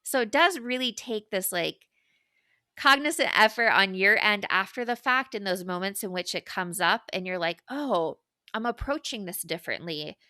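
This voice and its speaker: A young woman with a bright, sharp voice, recorded dry and close. She muses reflectively in casual podcast chat, leaning on fillers as she thinks aloud. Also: medium pitch, expressive, moderate pace, no room sound. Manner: reflective, filler-heavy musing. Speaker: podcast co-host.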